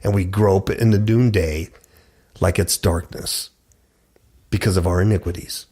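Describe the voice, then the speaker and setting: A man's voice: deep voice, steady tone, unhurried, mellow. A man preaching and reading scripture aloud, emphatic and repeating words for effect. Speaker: preacher hosting a religious talk show.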